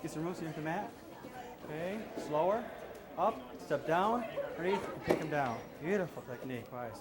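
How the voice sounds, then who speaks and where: A man's voice: fairly high pitch, expressive, fairly quick, very noisy. A male self-defense instructor coaching a hands-on class with short, repeated commands.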